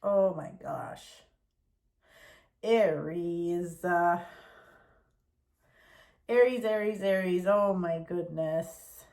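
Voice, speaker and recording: Slow, chatty woman reading tarot. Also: lowish voice. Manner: chatty, unhurried and expressive. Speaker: tarot reader.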